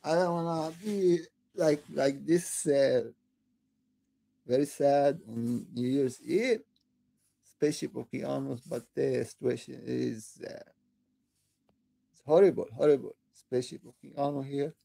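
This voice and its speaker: A woman hosting her own channel, delivering an impassioned, upset political rant that breaks into shouting and halting restarts. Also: extremely low pitch, creaky, dry recording. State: upset, near tears. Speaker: online channel host. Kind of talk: angry political rant to camera.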